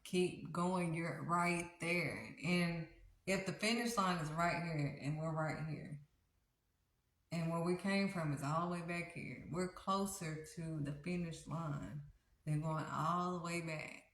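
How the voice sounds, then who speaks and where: A woman's voice: low voice, a little slow, fairly bright tone. A woman hosting a faith livestream, preaching in an earnest, conversational, repetitive way. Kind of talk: casual devotional preaching. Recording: roomy echo.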